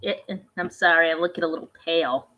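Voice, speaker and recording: A woman's voice: sits low, steady tone, quick pace, dull audio. A woman vlogger giving casual reaction commentary, rambling and conversational, often trailing off and restarting her thoughts.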